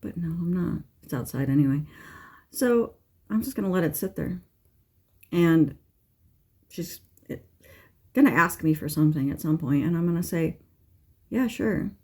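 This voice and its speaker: A middle-aged woman who reads tarot chats casually in a low, slightly mellow, husky voice at normal speed, leaving long pauses. She vents bluntly and with exasperation, swearing freely, rambling off on asides with fillers and restarts.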